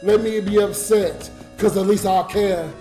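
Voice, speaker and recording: A man's voice: sits high, steady tone, a little slow, dark tone, reverberant, soft background music. A drunk man crying and ranting on a livestream, swearing and talking straight to his viewers. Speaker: livestreamer and YouTube comedian. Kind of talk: emotional late-night livestream rant.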